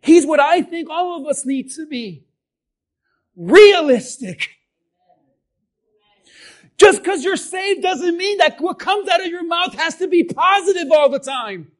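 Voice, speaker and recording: High-voiced preacher shouting his sermon. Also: expressive, takes it slowly, long pauses. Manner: impassioned preaching, swings from shouts to quiet; asks the congregation questions. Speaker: pastor.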